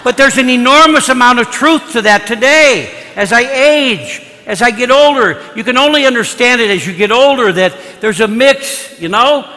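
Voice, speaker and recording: A man's voice: very high voice, animated, normal speed, few pauses, pushed and bright. A man in his seventies from Kansas City, a priest telling folksy stories in a conversational sermon, often saying "you know". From Kansas City, USA. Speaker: priest giving a parish mission. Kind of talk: storytelling sermon. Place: large church. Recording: reverberant church hall.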